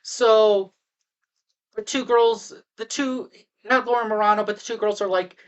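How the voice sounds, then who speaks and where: A woman's voice: on the high side, steady tone, measured pace, clear, resonant tone, highs cut off. A woman casually recapping a movie, rambling with fillers and restarts, and talking to the audience in asides.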